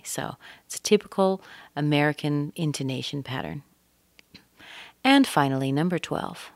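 A middle-aged woman teaching English pronunciation, modeling rhythm with sung-out syllables and slowly stretched words. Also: sits low, lively intonation, no echo. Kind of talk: accent lesson.

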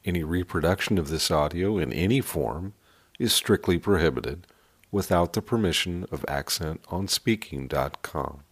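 Deep raspy guy reading a course intro, formal. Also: normal speed. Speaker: course announcer.

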